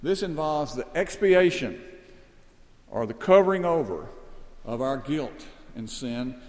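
A man preaching an expository sermon with earnest conviction, climbing to emphatic peaks and then sinking low and quiet. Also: expressive, unhurried, in a large hall.

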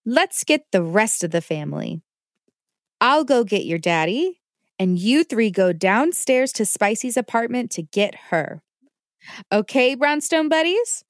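A woman's voice: fairly high pitch, big pitch swings, unhurried, no echo, studio quality. A woman voicing a patient, caring mother who teaches her child kitchen safety. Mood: warm. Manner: patient and instructive. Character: gentle, safety-minded mother.

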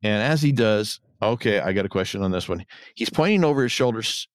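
A man co-hosting a podcast, recapping episode scenes in casual chat and now and then mimicking characters in a higher voice. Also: expressive, fairly quick, no room sound. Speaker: podcast co-host.

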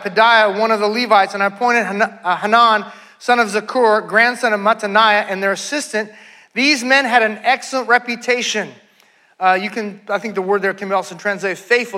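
A male pastor delivers a sermon in a very high, bright and forceful voice. He reads scripture passages and then turns to the congregation with casual, talky asides. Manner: preaching with scripture readings, conversational asides.

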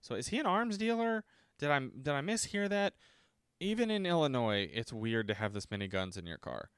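A man's voice: medium pitch, sing-song, moderate pace, a bit bright, smooth, no room sound, clean studio sound. Sarcastic, profane man ranting about a movie. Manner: profane, sarcastic, acts out quotes in mocking voices. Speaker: podcast host reviewing a horror movie. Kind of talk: casual ranting movie commentary. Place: home.

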